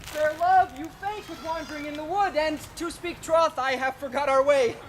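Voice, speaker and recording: A woman's voice: sits high, moderate pace, close to an everyday voice. A woman playing an ardent, fickle young man in love in a stage play, speaking in earnest, impassioned verse. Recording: outdoor recording with clear noise.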